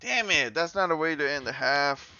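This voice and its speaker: A man commentating his own football video game as he plays, excitable and swearing, yelling at his players and groaning at their mistakes. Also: fairly high pitch, moderate pace, no echo, lo-fi sound. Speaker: gaming YouTuber. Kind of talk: live gameplay commentary.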